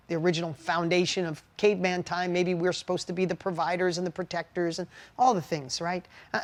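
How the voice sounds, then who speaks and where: A middle-aged man co-hosting a podcast with his wife, talking candidly in an earnest, heartfelt, confessional way and telling stories with animation. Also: fairly high pitch. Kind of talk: candid conversational podcast talk.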